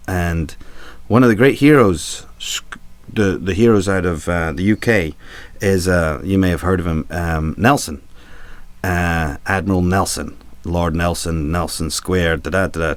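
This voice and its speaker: Male captain storyteller, low-ish voice, rambling and cheeky, dry sound. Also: normal speed, dry recording. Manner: rambling, chuckling, swearing for laughs. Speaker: cruise ship captain telling stories. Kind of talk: comic storytelling.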